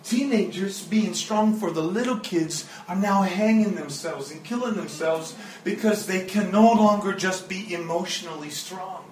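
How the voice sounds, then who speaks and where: A man's voice: high-pitched, unhurried, few pauses, slight background noise. A man from the Joplin, Missouri area, preaching as a guest and telling stories in an earnest, emotional way that breaks into laughs. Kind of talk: storytelling sermon. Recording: echoey room, mic at a distance.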